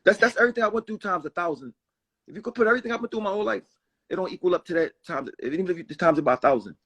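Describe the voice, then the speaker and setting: Fast-talking gravelly high-voiced man in his forties. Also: lively intonation, fairly bright tone. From Philadelphia. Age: 40s. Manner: rambling, emphatic, frequent restarts and "you know what I mean". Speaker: guest rapper. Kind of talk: candid personal storytelling.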